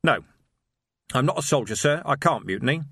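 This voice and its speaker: A man voicing a hard-bitten middle-aged police sergeant who speaks low, steady and dryly confident. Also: fairly quick, slightly rough, no room sound, clean studio sound.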